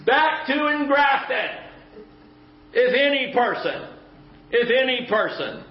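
A man preaching a conversational sermon in a church, folksy and emphatic, with quick asides. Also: extremely high pitch, very animated. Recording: echoey church room, dull lo-fi sound.

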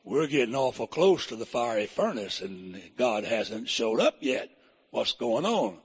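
An anxious young man frets in a low, slowed voice, as a preacher plays him. He sounds puzzled and keeps his tone quiet. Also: sing-song, husky, heavily acted. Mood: worried. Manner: worried, puzzled.

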